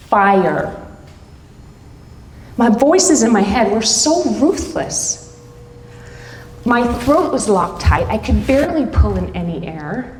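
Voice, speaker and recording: Middle-aged woman storyteller, unhurried and pausing, heard in a roomy hall with a long reverb tail. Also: mid-range voice, lively intonation, darkish tone. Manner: deliberate, dramatic pauses between short phrases. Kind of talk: live storytelling performance. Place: stage at a live event hall.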